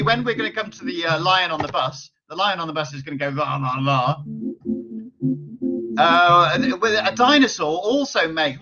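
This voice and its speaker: A man, a children's author, talking to young kids in a playful, chatty way and coaxing them to join in. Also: high-pitched. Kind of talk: lively children's show with call-and-response. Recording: dull lo-fi sound with loud guitar and keyboard music.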